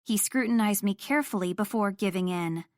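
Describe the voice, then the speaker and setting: A woman's voice: medium pitch, brisk, no echo, studio quality. A young woman narrating a first-person romance audiobook in an intimate storytelling manner.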